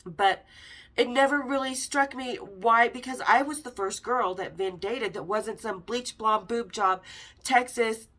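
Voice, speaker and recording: Here the middle-aged podcast host from Las Vegas speaks a little slowly, her voice on the high side with a fairly bright tone. She tells a personal story candidly, swears freely, and voices the dialogue herself.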